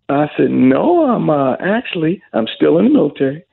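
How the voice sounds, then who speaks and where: A middle-aged man with a deeply gravelly, husky voice tells stories as an interview guest. He acts out the voices he quotes. The sound is thin and phone-like. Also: moderate pace, faint music behind. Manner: lively storyteller who acts out quoted voices. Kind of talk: storytelling in an interview. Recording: tinny phone-line sound.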